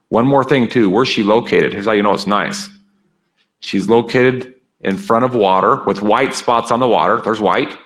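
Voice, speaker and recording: A man's voice: on the low side, a bit bright, low-quality recording. A man leading an interactive seminar, energetically coaxing his live and online audience and repeating their answers aloud. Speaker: speaker leading a workshop.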